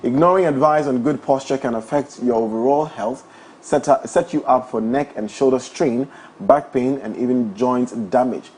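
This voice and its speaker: A young man hosts a morning talk show in a studio, playful and quick to laugh. His voice sits in a mid range. A faint hum runs underneath. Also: medium pitch, darkish tone. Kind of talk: breakfast show chat and live ad read.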